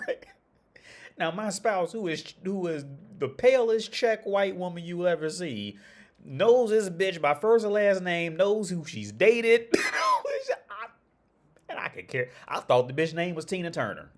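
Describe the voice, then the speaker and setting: A man chats loosely to his stream audience, stumbling over his words and restarting his sentences. He swears freely and keeps breaking into laughter. His pitch swings a lot, rising high when he gets worked up. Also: animated, unhurried. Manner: rambling, profane, laughs often, many restarts. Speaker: livestream host. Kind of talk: casual livestream chat.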